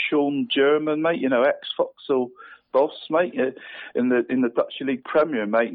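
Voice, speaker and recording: Man rattling off scores by phone. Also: mid-range voice. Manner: hesitant, repeats words, says "mate" constantly. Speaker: football league pundit. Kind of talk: radio sports round-up over the phone. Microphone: phone line. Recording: tinny phone line.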